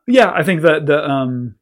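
A man hosting a faith podcast with his wife, talking in an easy, casual way with frequent fillers. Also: on the high side. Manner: relaxed, many fillers and restarts. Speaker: podcast host and pastor. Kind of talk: casual chat.

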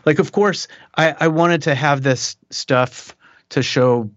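A man's voice: fairly high pitch, slow pace, dry recording. Laid-back middle-aged man, dull dry sound. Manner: relaxed storyteller, chuckling, frequent restarts. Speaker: guest musician. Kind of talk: casual interview chat. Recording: dull dry podcast audio.

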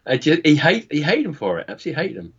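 A man's voice: a little high, very animated, rapid-fire, fairly bright tone, breathy edge. A man from the UK, a guest on a film podcast, talking hesitantly and searching for his words. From United Kingdom. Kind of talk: casual film discussion. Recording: slightly dull lo-fi sound.

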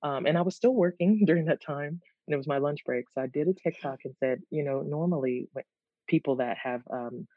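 A woman guest chatting in an interview, animated and quick to laugh. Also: low voice, no room sound. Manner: animated, laughs easily, restarts words. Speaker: guest, content creator. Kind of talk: casual interview chat. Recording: dull lo-fi, dry sound.

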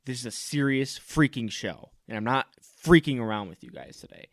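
A man hosting a comedy podcast, delivering a loud, fired-up, mock-pompous rant. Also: medium pitch, sing-song, normal speed, no room sound, studio quality. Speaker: podcast host. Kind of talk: comic ranting monologue.

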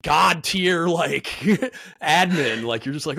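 A man's voice: fairly high pitch, expressive, slow, vocal fry, pushed and bright, husky, no echo. Blunt, profane man telling work stories. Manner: blunt, profane, storytelling with lots of fillers. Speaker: guest. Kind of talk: casual podcast chat.

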